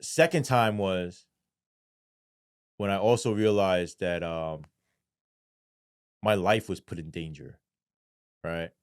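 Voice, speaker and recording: Low-voiced blunt, swearing man. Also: slow pace, long pauses, clean tone, no echo, studio quality. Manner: blunt, heavy swearing, frequent "right?" asides. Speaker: podcast guest, former police sergeant. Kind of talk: casual interview storytelling.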